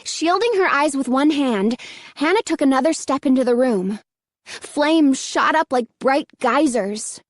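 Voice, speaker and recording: Woman reading a spooky kids book slow, high voice, dry sound. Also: expressive, no echo. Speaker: audiobook narrator. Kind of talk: scripted narration.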